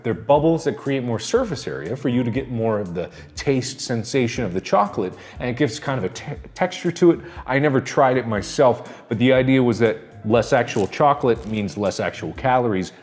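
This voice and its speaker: A man's voice: medium pitch, darkish tone. An American man hosting a comedic snack-review vlog, rambling in a self-mocking way. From United States.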